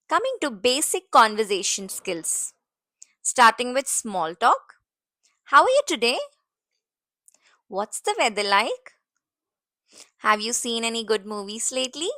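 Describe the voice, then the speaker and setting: A woman teaching a beginner lesson, saying model phrases slowly and deliberately. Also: on the high side, bright, forceful tone, no room sound, clean studio sound. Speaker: English teacher.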